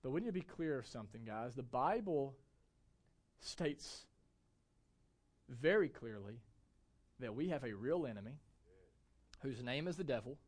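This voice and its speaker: A man's voice: mid-range voice, expressive, unhurried, pauses often. A young adult man giving a church sermon as pastor, speaking with emphasis and asking the congregation frequent rhetorical questions.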